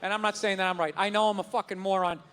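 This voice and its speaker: A man doing a stand-up routine, ranting and swearing, often shouting. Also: sits high, level tone, very fast. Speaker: stand-up comedian. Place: large hall with a live audience. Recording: hall reverb, audience laughter and noise.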